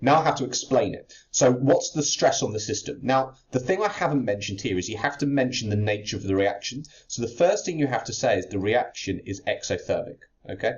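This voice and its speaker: A man's voice: medium pitch, expressive, brisk, few pauses. A man teaching chemistry exam technique, explaining step by step while he writes out a worked answer. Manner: explains step by step while writing, with fillers and restarts. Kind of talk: exam-prep lesson walking through a worked answer. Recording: slightly dull lo-fi audio.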